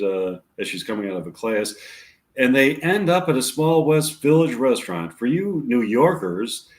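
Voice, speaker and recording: A man reading his own screenplays aloud and introducing the scenes, stopping and restarting as he goes. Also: fairly low pitch. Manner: rambling, halting restarts. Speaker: amateur screenwriter. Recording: echoey room.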